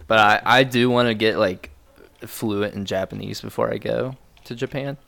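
Young male podcast co-host, low and gravelly, relaxed rambling chat. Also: moderate pace. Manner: laid-back, rambling, with frequent fillers. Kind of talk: casual chat.

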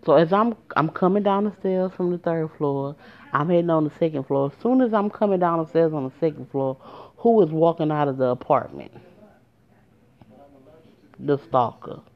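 Low-voiced woman telling a story. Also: normal speed. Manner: emotional, addresses listeners directly. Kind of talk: casual storytime. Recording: muffled lo-fi recording.

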